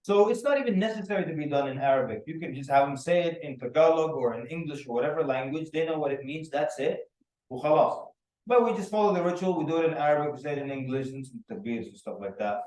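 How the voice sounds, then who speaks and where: A man's voice: on the high side, fast. A man giving a workshop talk, telling anecdotes and acting out the people in them. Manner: animated storyteller who acts out the people in his stories. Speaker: workshop speaker. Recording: roomy echo, mic at a distance.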